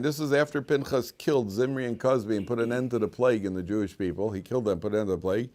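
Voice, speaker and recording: A man's voice: medium pitch, fast, few pauses. A man teaching a class as a rabbi, repeating his key lines for emphasis and telling stories. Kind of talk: classroom lecture. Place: classroom with students.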